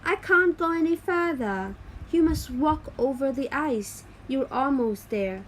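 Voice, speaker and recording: A woman voicing a calm, loyal male reindeer who speaks plainly. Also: high voice, unhurried, slight background noise, low-quality recording.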